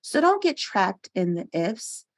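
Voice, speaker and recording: A woman from Pennsylvania, a guest on a podcast interview, telling stories in an animated, earnest way with frequent laughs, recorded on a studio microphone. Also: medium pitch, measured pace. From Pennsylvania, USA.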